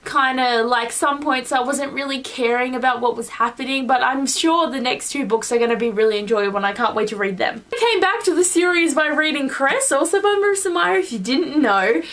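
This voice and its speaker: A woman's voice: high-pitched, animated, brisk, hardly any pauses, a bit bright, far from the mic. A young woman vlogging her monthly reading wrap-up in a rambling, gushing way, full of "like". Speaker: book vlogger. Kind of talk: casual monthly book wrap-up.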